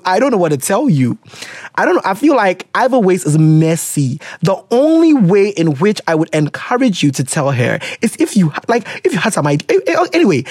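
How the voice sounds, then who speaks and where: Lively Ghanaian host, dry close sound. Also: medium pitch, no room sound. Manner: animated, mixes English with Twi phrases. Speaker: podcast host answering listener letters. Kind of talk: casual advice chat.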